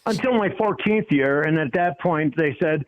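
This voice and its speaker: A man from Cleveland, a former football player, telling stories as a podcast guest with chuckles, self-deprecating jokes and halting restarts. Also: on the high side, animated, highs cut off. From Cleveland, USA. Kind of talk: casual storytelling on a sports podcast.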